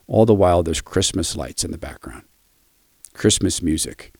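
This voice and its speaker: Guy with a low gravelly voice telling a quiet personal story for a radio devotional, dry close sound. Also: no room sound.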